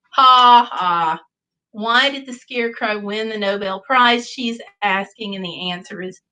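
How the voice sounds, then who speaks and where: Bright, slow-talking woman hosting a livestream. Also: medium pitch, low-quality recording. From United States. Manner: chatty and playful, tells corny jokes. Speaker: livestream host. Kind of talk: casual livestream chat, reading viewer comments aloud.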